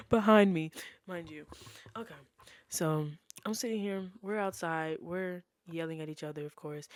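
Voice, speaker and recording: A young woman telling a dramatic story on her vlog, animated and full of slang. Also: on the low side, measured pace. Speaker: vlogger.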